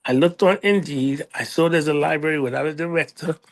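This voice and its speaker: A middle-aged American man telling a story in a casual interview, animated, acting out other people in a raised voice. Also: on the high side, a little fast. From United States. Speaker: librarian, interview guest.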